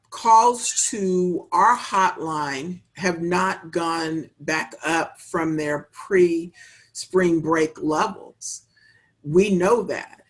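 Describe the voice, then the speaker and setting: This woman, who manages child welfare work, is interviewed conversationally and answers in an earnest, measured manner, repeating phrases for emphasis. Her voice is lowish.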